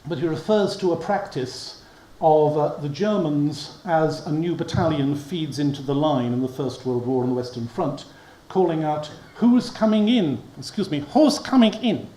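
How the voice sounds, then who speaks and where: A man's voice: on the high side, mellow. A man giving a history lecture to an audience, wry and prone to chuckling at his own asides. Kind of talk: public lecture. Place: lecture hall. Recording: echoey hall with faint hum.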